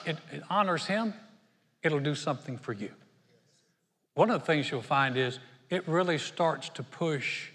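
A man's voice: mid-range voice, fairly bright tone, long reverb tail. An older man preaching a sermon to a congregation, earnest and conversational, often restarting his words. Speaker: pastor. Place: auditorium.

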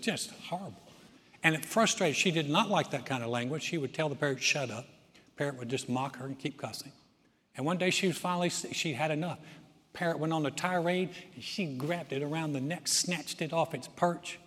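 A preacher with a fairly high, husky voice, telling jokes and stories in a folksy way. His words ring out with the long reverb of a large hall. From Southern United States. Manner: folksy storyteller, repeats words as he restarts. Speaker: pastor. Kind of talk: sermon with humor.

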